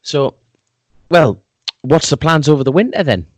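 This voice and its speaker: A man's voice: fairly high pitch, lively intonation, moderate pace, dry recording. A man hosting a podcast, chatting casually with a joking, self-mocking manner. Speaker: podcast host.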